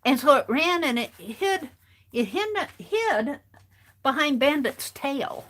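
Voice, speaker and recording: A woman's voice: high-pitched, big pitch swings, takes it slowly, a bit bright. A woman hosting a craft stream, telling a rambling, chatty story in a casual way and often restarting her phrases.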